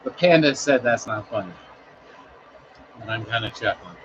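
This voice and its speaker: A man's voice: fairly low pitch, expressive, normal speed, a bit bright, muffled recording, slight background noise. A man chatting casually on a live stream, rambling and swearing in an easygoing way.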